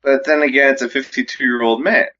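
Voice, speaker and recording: A man's voice: mid-range voice, fairly even intonation, a little fast, pushed and bright. A man co-hosting a casual fight-sports podcast, conversational and asking questions. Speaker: podcast co-host. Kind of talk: casual MMA talk. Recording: dull lo-fi mic.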